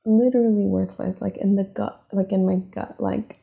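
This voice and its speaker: A woman's voice: mid-range voice, steady tone, moderate pace, gravelly, phone-quality sound. A woman hosting a podcast, talking through her personal struggles in a reflective, confessional monologue, emotional and leaning on fillers like "like" and "right?". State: emotional, near tears. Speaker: podcast host.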